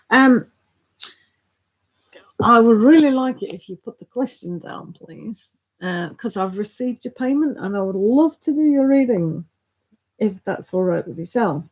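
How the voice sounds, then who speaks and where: A woman's voice: on the high side, darkish tone, low-quality recording. A middle-aged woman hosting a live tarot stream, chatting casually and greeting viewers by name with frequent laughs.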